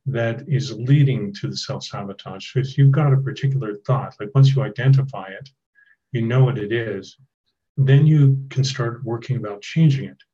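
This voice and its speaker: A man's voice: mid-range voice, dark tone, lo-fi sound. A man explaining advice as a guest in a podcast interview, in a conversational, explanatory way. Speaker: guest expert.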